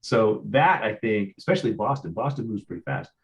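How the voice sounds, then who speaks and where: Midwestern male host, slightly low pitch, casual storyteller who repeats himself. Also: animated, brisk, highs cut off. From Ohio. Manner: chatty storyteller, stammers and repeats. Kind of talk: casual interview chat.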